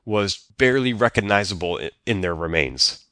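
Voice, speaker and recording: Low-voiced man recapping a show. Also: animated, normal speed, pushed and bright, dry recording. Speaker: podcast co-host. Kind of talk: casual episode recap chat.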